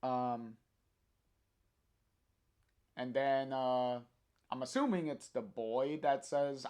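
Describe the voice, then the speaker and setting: A man's voice: medium pitch, drawn-out words, long pauses, darkish tone, clean tone. A man reading a comic aloud on a stream, narrating the panels hesitantly with many fillers.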